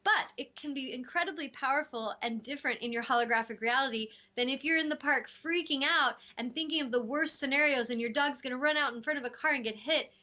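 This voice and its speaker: A woman hosting a casual spiritual talk show, telling stories with lively acted-out quotes. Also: high voice, quick pace, few pauses. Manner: animated storytelling, acting out voices in quotes. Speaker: host.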